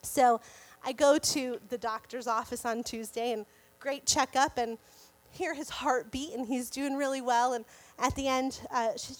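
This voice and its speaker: A woman sharing a personal faith testimony in casual storytelling, animated and often laughing. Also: high voice, moderate pace. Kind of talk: casual Christian storytelling to viewers.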